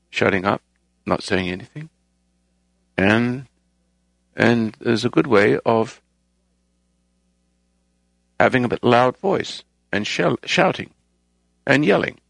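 A man's voice: mid-range voice, vocal fry, fairly bright tone, dry recording. A man hosting a talk program, delivering a rambling, moralizing monologue and raising his voice to stress points. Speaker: radio show host.

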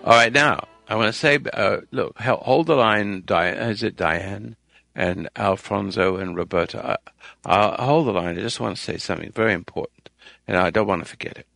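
Man, radio advice host, gravelly voice, dry close sound, preachy, rambling. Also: on the low side, moderate pace, dry recording, soft background music. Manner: emphatic, preachy, swings between firm loud and quiet soft delivery; rambling with frequent restarts. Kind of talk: call-in radio monologue.

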